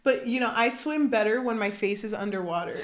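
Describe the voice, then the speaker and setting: Young female podcast co-host, high voice, lively laughing storyteller. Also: a little fast, a crowd in the background. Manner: animated storyteller, laughing often. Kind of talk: casual chat.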